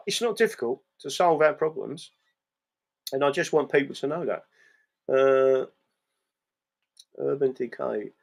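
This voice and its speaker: Speaking in a gravelly, higher-pitched voice, an Englishman runs a live stream and reads out the chat. His casual monologue is blunt and full of swearing, with "right?" tacked onto his lines.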